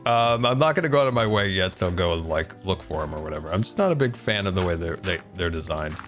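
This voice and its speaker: A man in his thirties chatting casually with viewers on a live game stream, laughing often and talking in an animated way. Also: low-pitched, fast, soft background music.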